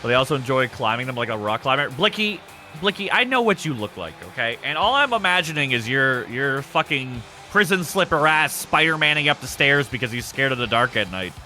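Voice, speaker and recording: A man's voice: mid-range voice, big pitch swings, a little fast, pushed and bright, faint music behind. A man hosting a live game stream, commentating matches and chatting with viewers in a loose, laughing, foul-mouthed way.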